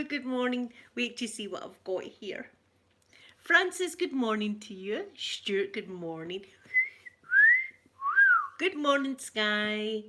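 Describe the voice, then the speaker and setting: A middle-aged Scottish woman hosting a casual livestream chat, excitedly gushing and greeting viewers by name. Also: a little high, slow, pauses often. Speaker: ASMR livestream host.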